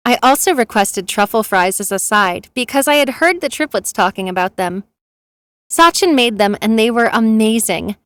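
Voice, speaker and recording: A woman narrating a first-person romance story in a steady, plain reading. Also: fairly high pitch, no echo.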